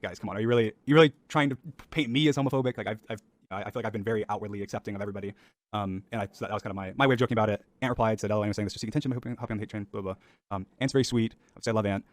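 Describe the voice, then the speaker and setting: A man rattles through a defensive explanation at a very fast pace. He restarts sentences often and fills gaps with ums, in a casual monologue. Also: lowish voice, no echo. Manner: rushed, self-defending, many restarts and ums. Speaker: content creator in a played clip.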